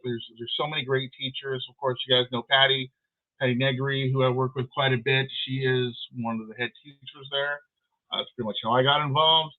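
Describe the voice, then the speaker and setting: A man's voice: medium pitch, flat delivery, brisk. A man hosting an online show in a casual, rambling way, with many fillers, over a video call. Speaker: podcast host. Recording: tinny phone-like line.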